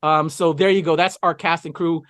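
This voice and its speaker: A man's voice: a little high, fairly even intonation, normal speed, fairly bright tone, clear, resonant tone, dry recording. A man co-hosting a casual film review, talking enthusiastically with lots of fillers and asides. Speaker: podcast co-host.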